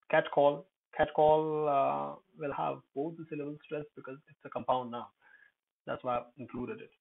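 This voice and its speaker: A man teaching English pronunciation in a relaxed lesson, calling out single words loudly and explaining them with hesitant pauses. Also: mid-range voice, creaky, slightly rough. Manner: hesitant, many uh fillers, thinks aloud. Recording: tinny phone-quality recording.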